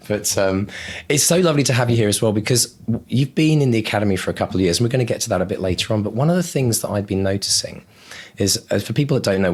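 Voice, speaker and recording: Male podcast host, lower register, eager and talkative. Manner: enthusiastic, chatty, fond of alliteration. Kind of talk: podcast interview.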